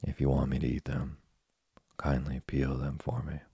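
A man's voice: extremely low pitch, monotone, moderate pace, mellow, dry recording, full character voice. A man voicing a hungry, spoiled wooden boy puppet in a storybook reading, whimpering and petulant. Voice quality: gravelly, husky.

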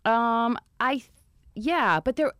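A woman's voice: on the high side, expressive, takes it slowly, fairly bright tone, no room sound, clean studio sound. A woman in her thirties talking frankly as a podcast guest, blunt and swearing casually. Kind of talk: casual chat. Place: podcast studio. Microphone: studio microphone.

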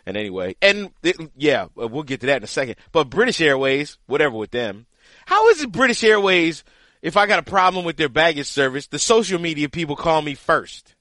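A man co-hosting a podcast, telling a story in casual chat with an animated, exasperated manner. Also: on the high side, a little fast, no echo. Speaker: podcast co-host, the caddie.

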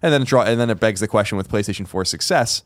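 A man's voice: on the low side, fast, no room sound, clean studio sound. A man co-hosting a podcast, chatting casually and hesitantly, with many restarts. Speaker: podcast co-host. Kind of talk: casual chat.

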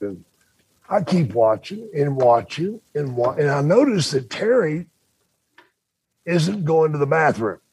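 An older man telling a rowdy story in casual chat, animated and swearing freely, acting out the people in it. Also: medium pitch, vocal fry, breathy edge, no echo. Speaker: podcast guest storyteller.

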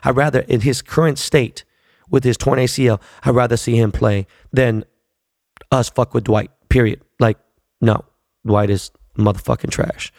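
A man's voice: medium pitch, fairly even intonation, normal speed, darkish tone, dry recording, studio quality. A man in his forties telling a long, profane story in a casual, rambling way, full of fillers. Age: 40s.

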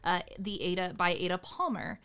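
A woman's voice: fairly low pitch, moderate pace, sharp tone, clean tone. A woman co-hosting a casual book podcast, playful and giggly, reading a book blurb aloud. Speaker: podcast co-host. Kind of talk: casual chat about books.

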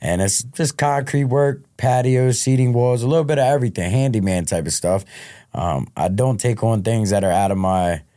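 A man's voice: mid-range voice, moderate pace, dark tone, no echo, clean studio sound. A man being interviewed on a podcast, telling his life story in a frank, casual way and often restarting his words. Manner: frank, repeats word starts. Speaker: podcast guest.

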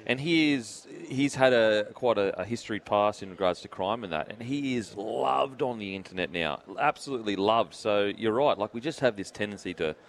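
An Australian man co-hosting a radio show, musing with halting, hesitant phrasing. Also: on the low side, lively intonation. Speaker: radio co-host. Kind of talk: casual radio banter.

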